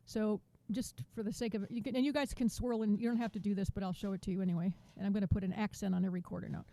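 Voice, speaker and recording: A woman teaching a drum masterclass over a video call, chatty and counting beats out loud. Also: mid-range voice, fairly even intonation, rapid-fire, vocal fry. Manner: chatty, restarts sentences, counts beats aloud.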